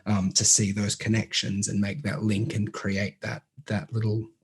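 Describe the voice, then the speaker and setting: A man's voice: lowish voice, completely flat delivery, normal speed, husky. A man with an Australian accent, a comedian guest in a casual podcast chat, talking in a reflective, meandering way with many fillers.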